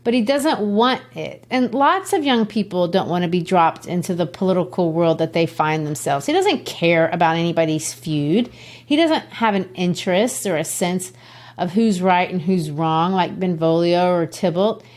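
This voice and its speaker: A woman's voice: fairly low pitch, moderate pace, darkish tone. A woman from Brazil, hosting a podcast and explaining a classic play in a chatty way with asides. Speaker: literature teacher and podcast host. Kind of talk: conversational literature lesson.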